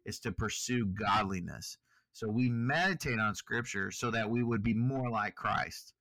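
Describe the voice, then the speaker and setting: A man's voice: lowish voice, measured pace, a bit bright, dry recording. A man co-hosting a podcast, talking through Bible study in an easygoing, reflective way. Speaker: podcast co-host. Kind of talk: casual Bible study chat.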